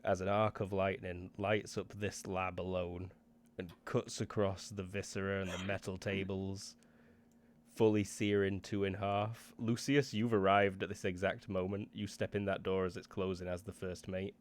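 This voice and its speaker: A man narrating scenes as game master of a tabletop role-playing game in a relaxed way. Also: low-pitched, moderate pace.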